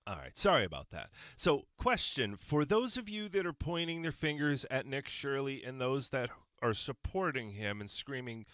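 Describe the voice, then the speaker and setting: A man's voice: mid-range voice, sing-song, moderate pace, few pauses, fairly bright tone, no echo, studio quality. A man hosting his own opinion podcast, talking on his own into a microphone, sarcastic and firing off rhetorical questions. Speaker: podcast host. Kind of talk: solo opinion podcast monologue.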